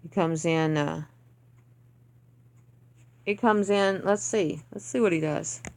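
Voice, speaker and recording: A woman's voice: fairly low pitch, slow, darkish tone. Blunt, ranting woman reviewing game attacks. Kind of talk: casual gameplay commentary.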